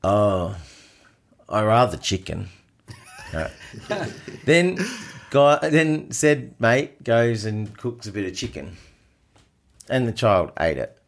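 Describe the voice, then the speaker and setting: A middle-aged man, co-hosting a casual chat and telling an animated story with frequent laughs. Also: mid-range voice, takes it slowly. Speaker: podcast co-host.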